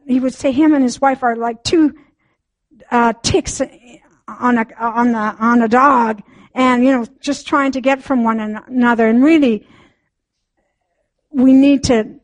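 A woman's voice: high voice, no room sound. An older woman giving an emotional church testimony, laughing often, sighing and exclaiming, sometimes near tears. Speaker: church member sharing testimony.

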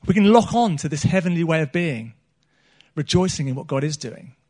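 Preaching at a church gathering, this middle-aged man has a highish, slightly mellow voice and an expressive, brisk delivery. His manner is earnest, and he keeps repeating himself and starting phrases over.

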